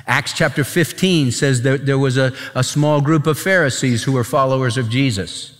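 A man's voice: mid-range voice, normal speed, in a large hall. A man preaching a sermon as a pastor, emphatic and conversational, speaking straight to the congregation.

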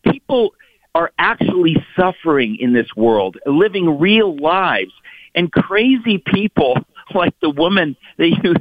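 A middle-aged man calls into a talk show, his voice squeezed into a narrow, tinny phone band with no room sound at all. He talks emphatically and mockingly, his tone sitting a bit high for a man. He runs on in animated bursts. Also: dry recording. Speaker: guest author. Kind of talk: radio talk show commentary.

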